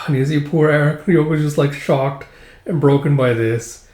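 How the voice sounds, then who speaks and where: A man's voice: on the high side, moderate pace, a little mellow. A man recapping a manga in a loose, chatty way, full of fillers. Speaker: manga reader and reviewer. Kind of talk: casual reading narration. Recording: roomy echo.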